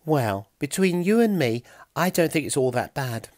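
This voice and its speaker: A man voicing a soft, friendly Stone Age girl who talks gently and with amusement. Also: a little high, sing-song, moderate pace, no echo, clean studio sound, pitched above the performer's own voice. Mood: gentle.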